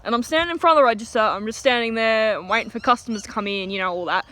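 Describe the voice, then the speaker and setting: A woman's voice: a little high, rapid-fire, bright, forceful tone. A teenage girl with an Australian accent, telling a story in a chatty, giggly way with lots of fillers, recorded outdoors. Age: teens. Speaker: vlogger. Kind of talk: storytime rant.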